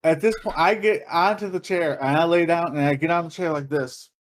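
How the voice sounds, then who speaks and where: A man's voice: fairly high pitch, brisk. A man on a podcast telling a long story in a casual, profane, laughing way. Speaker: podcast co-host.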